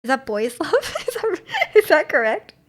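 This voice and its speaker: A young woman with a high, light voice hosts a livestream from her home streaming setup. She chats casually into her streaming mic and reads viewer messages aloud. She giggles often and fills pauses with "um" and "like". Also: sing-song. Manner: chatty and giggly, with frequent laughs and filler words. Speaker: livestream host.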